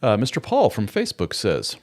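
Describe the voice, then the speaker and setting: A man's voice: lowish voice, huge pitch swings, a little fast, darkish tone. A middle-aged man hosting a casual live-stream chat, jokey and chatty as he greets viewers and reads their comments aloud. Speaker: host of a live chat show.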